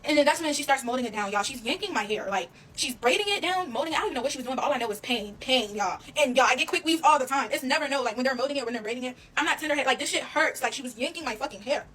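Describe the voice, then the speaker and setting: A woman telling a personal story in a casual, animated monologue, addressing her listeners directly and swearing freely. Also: high voice, rapid-fire, few pauses, slight background noise, rough recording. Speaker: storyteller vlogger.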